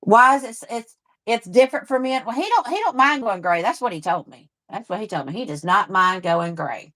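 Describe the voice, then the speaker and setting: In a mid-range, slightly bright voice with lively intonation, a woman hosts a livestream at a fairly quick clip, responding to viewer comments. Her talk is casual and rambling, marked by a drawl and frequent restarts, with no echo in the recording.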